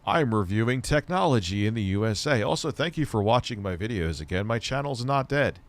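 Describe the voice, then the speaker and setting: This is a streamer and tech commentator in a casual, profane live-stream chat, blunt and sarcastic, broadcasting from home. He's slightly stoned, his voice lower than usual. The pitch is medium with lively intonation, and the pace is a little fast.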